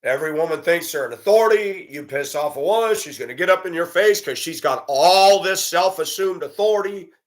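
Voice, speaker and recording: A man's voice: a little high, lively intonation, fairly quick, hardly any pauses. A man giving a blunt, profane, indignant monologue and telling a story about a run-in. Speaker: commentator. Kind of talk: ranting monologue.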